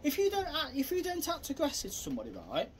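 A man's voice: extremely high pitch, huge pitch swings, fast talker, slight background noise. A man, a self-defence instructor, talking casually through a demonstration in a rambling, repetitive way.

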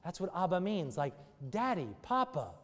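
Male pastor, fairly high voice, emphatic sermon delivery, long church reverb. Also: sing-song, moderate pace, a bit bright. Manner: emphatic, repeated rhetorical questions. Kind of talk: sermon with altar call. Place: church sanctuary.

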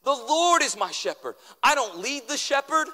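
High-voiced preaching pastor in a reverberant hall. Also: male voice, very animated, moderate pace. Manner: impassioned preaching with repeated refrains and sudden drops to a hush. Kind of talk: sermon.

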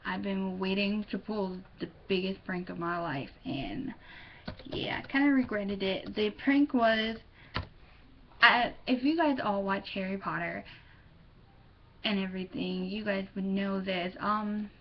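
A woman's voice: mid-range voice, measured pace. Teen girl vlogger, rambling and distracted, recorded on a muffled built-in mic. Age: teens. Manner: scattered, distracted, giggly. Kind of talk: casual rambling vlog. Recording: dull lo-fi webcam audio with faint noise.

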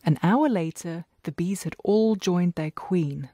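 A woman gently narrating a children's bedtime story in a slow, expressive way. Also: fairly low pitch, dry recording, studio quality.

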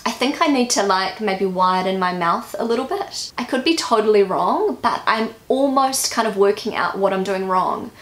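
A woman's voice: mid-range voice, lively intonation, moderate pace, few pauses, a bit bright, echoey room. A woman from New Zealand with a New Zealand English accent, vlogging casually and musing self-critically as she practises pronunciation.

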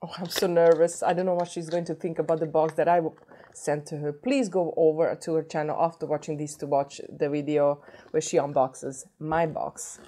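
A woman with a cold, chatting excitedly through a beauty unboxing and gushing over each product. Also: sits low, moderate pace, a little hiss or hum. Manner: gushing, excitable, repeats herself. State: has a cold. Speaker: beauty vlogger. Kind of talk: unboxing chat.

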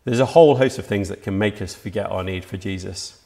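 An adult man past university age preaches an earnest, reflective sermon for a church livestream, often restarting his sentences. His voice is on the low side, creaky and warm, and he speaks briskly.

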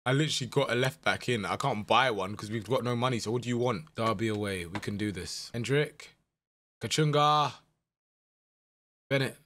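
A young man giving live commentary over a football management game, swinging from muttered dread to shouted excitement. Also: mid-range voice, normal speed. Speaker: gaming YouTuber.

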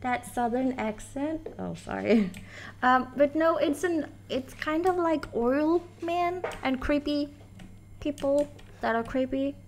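A woman's voice: sits high, expressive, takes it slowly. A woman streaming a horror game live, chatting with viewers, giggling and yelping when startled.

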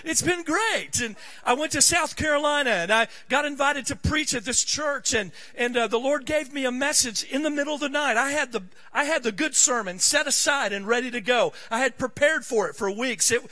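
A middle-aged male pastor preaches a sermon in a church sanctuary, his voice extremely high-pitched, bright and forceful. He talks briskly with few pauses, telling personal stories conversationally before rising into fervent preaching.

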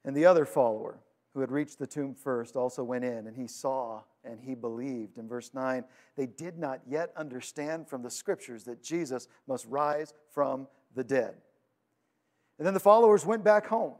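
A man preaching a sermon, retelling scripture with dramatic swings between loud urgency and hushed quiet. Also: medium pitch, moderate pace. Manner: storytelling, paraphrasing scripture. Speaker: pastor.

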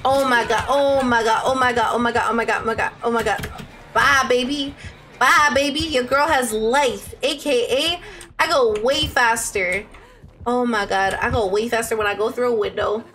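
A young adult woman streaming a game live, chatting excitably with her viewers and squealing as she plays. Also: on the high side, moderate pace, a little hiss or hum. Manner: excitable, squealing, talks to chat. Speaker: Twitch streamer.

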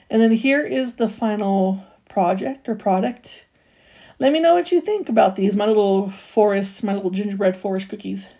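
A woman's voice: a little high, mellow. A young adult woman hosting a craft channel, chatting casually through a voice-over tutorial, self-mocking and full of fillers like "like" and "you know".

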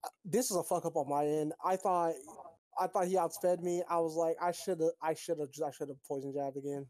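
A mellow, teasing woman recapping games. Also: low-pitched, brisk, dry recording. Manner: profane, excitable, teasing. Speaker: league recap host. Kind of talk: casual gaming recap chat.

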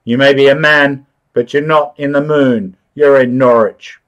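A man's voice: medium pitch, fairly even intonation, unhurried, lo-fi sound, natural voice. A man playing a stern, impatient magistrate. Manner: severe, impatient questioning. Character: stern, brusque male magistrate.

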